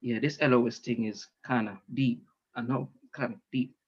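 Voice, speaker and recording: A man with speech, doing a stand-up comedy monologue in an animated way, with loud outbursts and swearing. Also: medium pitch, moderate pace, husky. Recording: dull lo-fi stream audio.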